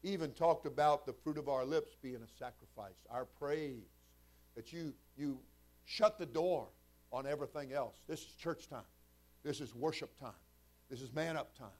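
A man preaching a sermon as pastor, shifting from quiet, folksy talk to loud, shouted preaching. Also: mid-range voice, normal speed. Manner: conversational, folksy asides.

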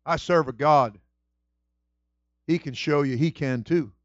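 A middle-aged male pastor preaching a sermon with passion, moving between hushed storytelling and shouted exclamations. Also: a little high, unhurried, no room sound, muffled recording. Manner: exclaims "whew" and "woo".

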